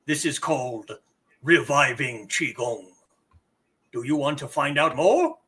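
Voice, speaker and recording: A man voicing a solemn, bearded old kung fu master who speaks slowly and gravely in a game. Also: medium pitch, sharp tone, voice pushed down, full character voice.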